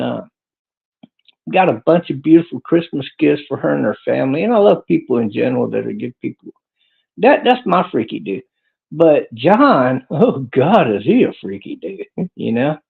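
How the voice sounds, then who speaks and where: Gravelly, rambling livestream man. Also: fairly high pitch. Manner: crude, rambling, chuckling. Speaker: livestream podcast host. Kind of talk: rambling livestream chat answering viewers. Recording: tinny phone-like audio.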